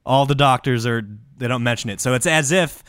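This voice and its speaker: A man's voice: mid-range voice, a little fast, a bit bright, clean tone, dry recording, clean studio sound. Sweary ranting male podcast host. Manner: ranting, sweary, explains with confident asides. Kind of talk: casual comedy podcast chat.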